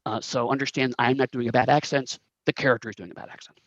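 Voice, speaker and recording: A man's voice: medium pitch, fairly even intonation, fast talker, a bit bright, dry recording, highs cut off. A man narrating a tabletop game as game master, rambling with many fillers and restarts.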